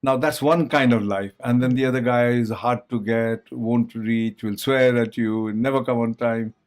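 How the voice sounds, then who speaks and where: A man's voice: mid-range voice, steady tone, moderate pace. Chatty man hosting a talk show. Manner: chatty, rambling, frequent uh fillers. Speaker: host. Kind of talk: casual chat.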